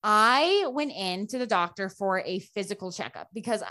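A woman guest telling a personal story in casual talk, animated and full of "like" fillers, acting out the voices of people she quotes. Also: medium pitch, moderate pace. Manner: chatty, frequent "like" fillers. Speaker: podcast guest.

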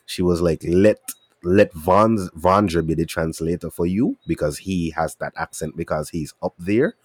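A man from Saint Kitts with a Kittitian accent, co-hosting a casual podcast chat, animated and emphatic. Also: deep voice, unhurried, no room sound. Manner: animated, emphatic, shifts into local dialect. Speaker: podcast co-host.

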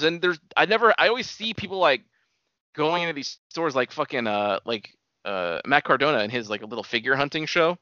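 A man's voice: a little high, expressive, brisk, bright, forceful tone, dry recording. A young man chatting casually as a podcast co-host, ranting and swearing with lots of fillers. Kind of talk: casual chat. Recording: dull, dry lo-fi sound.

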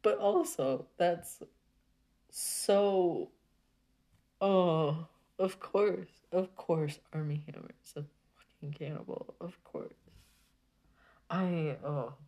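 A woman talking casually to her viewers in a rambling, exasperated rant full of halting restarts. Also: lowish voice, dark tone.

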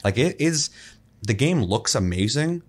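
A man's voice: medium pitch, very animated, a little slow, a little mellow, breathy edge. A man co-hosting a casual gaming podcast, talking loosely with fillers and the odd swear. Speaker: podcast co-host. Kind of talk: casual chat.

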